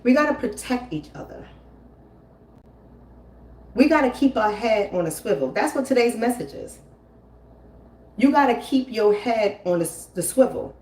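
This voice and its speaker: A woman's voice: a little high, animated, moderate pace, pauses often, darkish tone. Emphatic, preachy woman, far from the mic. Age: 40s. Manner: preachy, emphatic, repeats phrases. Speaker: commentary host. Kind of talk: casual live-stream talk. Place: home. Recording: roomy, from a distance.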